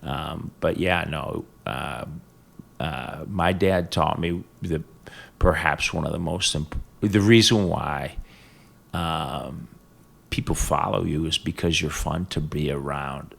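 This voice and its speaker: An older man from Ohio, a business executive as guest, telling stories about his family in a halting, reflective way with fillers. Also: extremely low pitch, creaky, fairly bright tone. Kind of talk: casual interview conversation.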